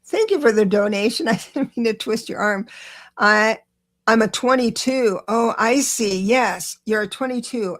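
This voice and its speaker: A middle-aged woman giving an excitable, reassuring live tarot reading, talking straight to her viewers. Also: on the high side. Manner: chatty, reassuring, talks to viewers directly; excitable, rushes then slows down.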